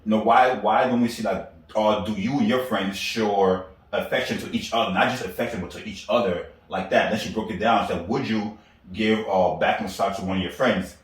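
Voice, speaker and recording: Man, podcast co-host, rambling fast, low voice, roomy echo, distant mic. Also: fairly even intonation. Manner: rapid, rambling, lots of likes. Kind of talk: casual chat.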